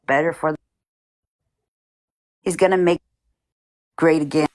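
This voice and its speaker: A defiant woman calling in to a livestream argument. Her voice is fairly low, and she taunts the host with short, stubborn jabs. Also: fairly even intonation, unhurried, darkish tone. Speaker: caller. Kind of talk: heated call-in argument.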